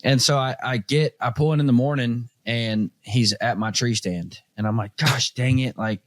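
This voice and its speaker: Host, male, casual animated storyteller, mid-pitched voice, dry close recording. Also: moderate pace, dry recording. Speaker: podcast host. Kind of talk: casual hunting story chat.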